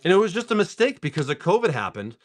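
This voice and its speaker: Opening card packs on his livestream, a male card seller chats casually through a long, animated story peppered with "dude" and "like." His voice is high-pitched and his pace quick.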